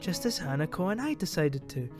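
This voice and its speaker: A man's voice: on the high side, sing-song, fairly quick, over music. A man reading a visual novel's character lines aloud in a playful put-on accent, laughing and joking with his co-host. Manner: playful, drawling, laughs often. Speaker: let's play co-host voicing characters.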